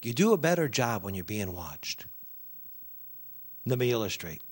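A man preaching a sermon, emphatic and animated, addressing the congregation directly. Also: medium pitch, moderate pace.

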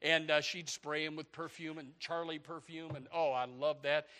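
A man preaching a sermon in a church, rambling and excitable, with many restarts and sudden shouted bursts. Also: a little high, normal speed. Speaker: pastor. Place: church sanctuary. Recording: long hall reverb.

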